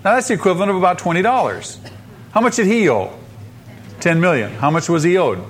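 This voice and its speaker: A man preaching a sermon, asking the listeners questions and swinging between loud emphasis and soft drops. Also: high-pitched, animated, a little fast, breathy edge.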